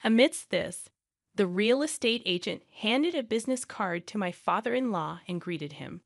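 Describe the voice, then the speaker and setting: A woman narrating a first-person drama story in an even, measured reading voice. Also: medium pitch, vocal fry, dry recording, clean studio sound.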